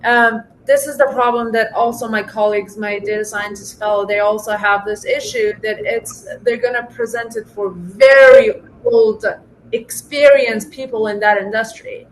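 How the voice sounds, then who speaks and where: High-voiced woman telling animated work stories. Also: moderate pace, low-quality recording. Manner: animated storytelling, many fillers and restarts. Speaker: data scientist guest. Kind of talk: casual interview conversation.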